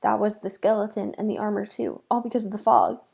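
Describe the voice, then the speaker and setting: Lady doing a scaredy-cat storybook mouse guy, stammery and whiny, gravelly. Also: mid-range voice, moderate pace, mellow. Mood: panicked. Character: timid, brainy male mouse, panicky.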